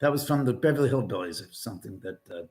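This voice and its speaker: An older man hosting a casual livestream from his house. He rambles while reading chat, swears often and breaks into sudden loud outbursts. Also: fairly low pitch, expressive, fast. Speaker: livestream host. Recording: loud background noise.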